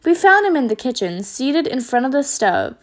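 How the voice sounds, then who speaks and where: Female storyteller for kids, high-pitched, expressive delivery. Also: moderate pace. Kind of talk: children's story reading.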